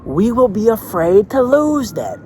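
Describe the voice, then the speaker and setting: A high, squeaky little boy, as a man puts him on, whines and protests in outrage. The words drag out slowly, full of childish indignation. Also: big pitch swings, dark tone, slight background noise. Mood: whiny protest. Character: whiny upset boy of about nine.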